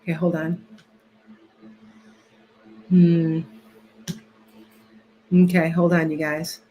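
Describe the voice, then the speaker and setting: A woman's voice: lowish voice, little pitch movement, drawn-out words, dull audio, slight background noise. A woman hosting a casual livestream, rambling and restarting often as she sets up and chats with viewers. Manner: rambling, distracted, many restarts. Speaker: livestream host and tarot reader.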